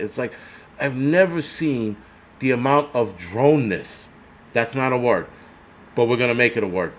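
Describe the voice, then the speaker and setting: Speaking at normal speed in an animated, medium-pitched voice, this older New York City prepper channel host rants angrily on his vlog, swearing heavily, sarcastic, and imitating others mockingly.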